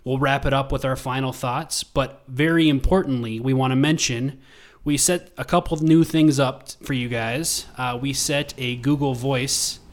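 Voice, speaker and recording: Male podcast co-host, mid-pitched, relaxed and conversational with filler words. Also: normal speed. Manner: relaxed, lots of ums and uhs. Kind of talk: casual podcast chat.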